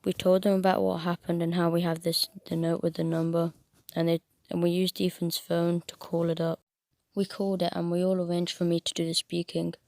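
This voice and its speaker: A woman tells a first-person horror story in a steady, even reading manner. Her voice sits low and hardly rises or falls, and the recording is dry with no room sound. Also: fairly quick, no room sound.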